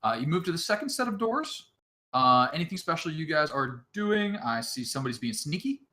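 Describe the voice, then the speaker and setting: A man narrating as game master of an online tabletop game, halting often with filler sounds between phrases. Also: a little high, sing-song, pushed and bright.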